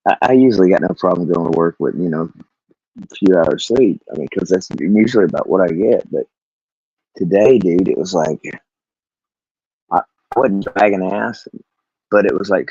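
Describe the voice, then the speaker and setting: A man's voice: low voice, a little mellow, no room sound. A man ranting about his workday to camera, rambling and swearing, laughing often. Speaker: vlogger. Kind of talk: casual rant. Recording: dull, lo-fi, dry recording.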